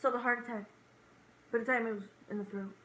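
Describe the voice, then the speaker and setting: A woman's voice: on the high side, steady tone, fast, a bit bright. A young woman co-hosting a casual horror movie review, laughing often and chiming in with quips. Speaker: co-host reviewing a horror film. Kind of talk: casual chat recapping a movie. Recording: echoey room with faint background noise.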